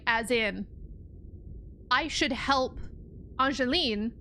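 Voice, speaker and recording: A woman's voice: high-pitched, expressive, slow, long pauses, pushed and bright, a little hiss or hum. A young woman streaming a game, talking casually and animatedly, swearing often and sounding exasperated. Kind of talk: casual gameplay commentary.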